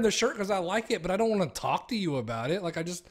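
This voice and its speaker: A man's voice: sits high, lively intonation, quick pace. A young man streaming, chatting casually in a rambling, profane way and laughing at his own stories. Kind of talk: casual chat.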